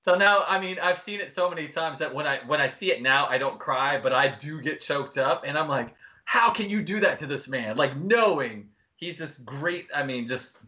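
A man's voice: on the high side, animated, moderate pace, hardly any pauses, pushed and bright. A man co-hosting a podcast, chatting casually and telling a story against himself, laughing often. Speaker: podcast co-host. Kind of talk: casual chat.

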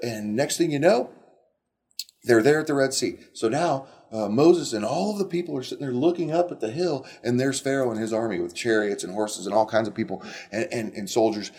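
A middle-aged man retelling Bible stories in an animated, conversational way, with frequent restarts. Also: mid-range voice. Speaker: Bible teacher. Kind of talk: casual Bible storytelling.

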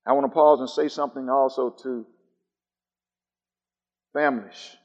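A man preaching a sermon. He swings between soft, low musing and loud, high calls, and he repeats his phrases in a steady rhythm. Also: moderate pace, big-room sound, muffled recording.

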